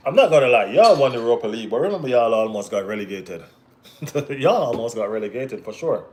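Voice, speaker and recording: A Jamaican man hosting a casual football watch-along stream, bantering with viewers in relaxed Caribbean slang. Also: mid-range voice, brisk, a little hiss or hum. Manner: laid-back banter with Caribbean slang, bursts of excited teasing. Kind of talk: casual live-stream chat reading viewer comments.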